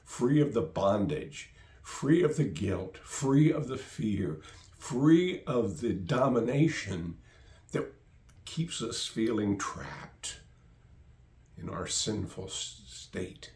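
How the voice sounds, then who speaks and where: A man preaching with a wide, lively swing of pitch, taking his time over each phrase. He is a pastor who leans hard on repetition to drive each point home. His voice carries a roomy echo around it. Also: slow pace. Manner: emphatic, repeats phrases for stress. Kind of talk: sermon.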